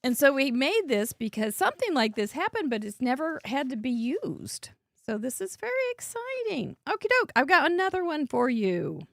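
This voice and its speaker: A bubbly woman hosts a live crafting show, chatting and laughing as she works. Her high voice swoops up and down with a gravelly fry underneath. The sound is close and dry. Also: sing-song, moderate pace, hardly any pauses, fairly bright tone, no echo. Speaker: host. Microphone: headset earbud.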